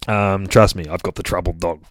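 A man's voice: low voice, steady tone, a little slow, dry recording, clean studio sound. An Australian man hosting a casual podcast as a dog trainer, rambling and good-humoured as he talks, breaking off now and then to chat with his dogs.

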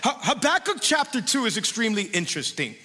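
Bright, high-voiced preaching man. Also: fast. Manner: animated, conversational, with rising sung emphasis. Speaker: pastor. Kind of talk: sermon. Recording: echoey hall.

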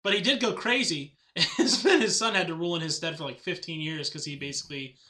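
Bright-voiced joking man, podcast host. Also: a little high, quick pace. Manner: joking, laughs often. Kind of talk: casual podcast chat.

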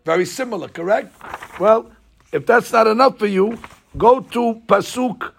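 Man teaching scripture to a class, husky voice, lively, keeps throwing questions out. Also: high voice, measured pace. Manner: animated, asks the class questions. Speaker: Torah teacher. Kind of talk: Bible class lecture.

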